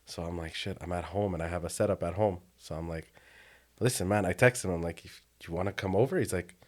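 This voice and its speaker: Low-voiced young man telling lively stories. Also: quick pace. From Quebec, Canada. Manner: animated storyteller, acts out quotes, laughs often. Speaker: music producer, guest. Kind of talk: casual podcast chat.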